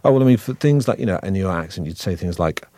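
Deep-voiced Mancunian actor, wry and dry. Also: male voice, expressive, quick pace, mellow. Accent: Manchester. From Manchester, northern England. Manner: wry, self-deprecating, rambling with restarts. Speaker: actor guest. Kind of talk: relaxed interview chat.

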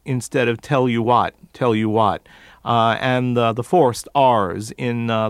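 A man, a dialect coach interviewed as a guest, who demonstrates accents by repeating words in a measured way. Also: medium pitch, fairly even intonation, no room sound, clean studio sound.

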